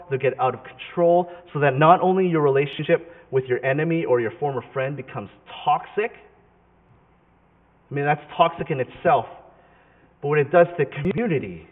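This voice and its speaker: A male pastor preaching a sermon in a conversational, emphatic way, often correcting himself mid-sentence. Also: on the high side. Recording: tinny phone-like sound with long hall reverb.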